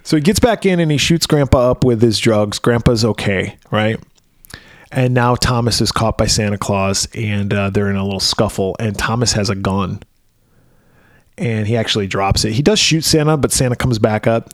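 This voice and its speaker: A man's voice: fairly low pitch, normal speed, no echo. A man co-hosting a podcast, recapping a film in a chatty way, laughing and swearing easily, on a close mic. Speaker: podcast co-host. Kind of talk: casual film chat.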